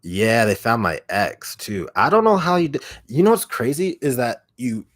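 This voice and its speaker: A man with a deep, raspy voice, telling a rambling story full of fillers and swearing as an ASMR YouTuber chatting casually on a livestream. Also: big pitch swings, moderate pace, no echo.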